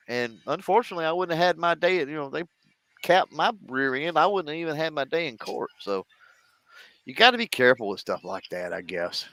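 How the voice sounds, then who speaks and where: A man's voice: fairly high pitch, a bit bright, dry recording. A man, chatting casually on a show and telling a story, acting out the voices of the people in it. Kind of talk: casual chat.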